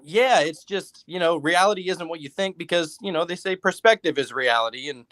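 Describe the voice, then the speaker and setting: A man's voice: fairly high pitch, brisk, fairly bright tone, no room sound. A man who hosts a podcast, talking as a guest in a rambling, casual way with many fillers. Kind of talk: casual interview talk.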